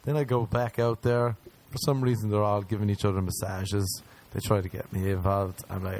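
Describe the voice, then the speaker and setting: Crude self-mocking comedian. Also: male voice, on the low side, steady tone, darkish tone, slight background noise. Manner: crude, self-mocking, acts out scenes in quick voices. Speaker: stand-up comedian. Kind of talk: stand-up storytelling.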